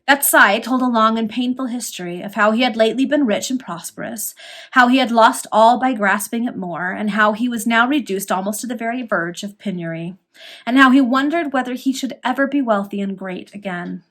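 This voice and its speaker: A woman reading a Victorian serial novel aloud, storytelling with lively emphasis. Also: on the high side, fairly quick. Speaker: reader.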